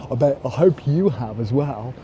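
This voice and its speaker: A man's voice: medium pitch, lively intonation, moderate pace, dark tone, highs cut off, a little hiss or hum. A man, chatting casually to camera as a vlogger, rambling and correcting himself. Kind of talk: casual vlog chat. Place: outdoors, then inside a parked van.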